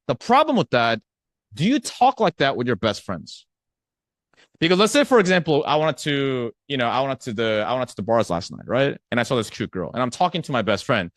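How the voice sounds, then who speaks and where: A man's voice: medium pitch, big pitch swings, fairly quick, dry recording, studio quality. A man teaching a live online sales training in a conversational way, often acting out a prospect's replies and checking in with his audience. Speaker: sales coach.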